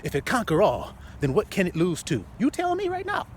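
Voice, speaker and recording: A man's voice: high-pitched, wildly swooping pitch, slight background noise. A man preaching casually into his phone while walking down a city street, laughing often and asking his listeners rhetorical questions. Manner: laughing, rhetorical, drawn-out repetitions. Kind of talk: casual outdoor sermon to phone camera. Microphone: phone held while walking.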